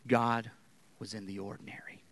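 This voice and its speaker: A man preaching a sermon, moving from loud, emphatic lines to hushed whispers. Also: lowish voice, little pitch movement, normal speed.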